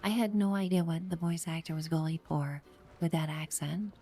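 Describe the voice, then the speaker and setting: A woman's voice: deep voice, moderate pace. A woman streaming a game live, giving sarcastic, playful commentary with whispered asides. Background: game music.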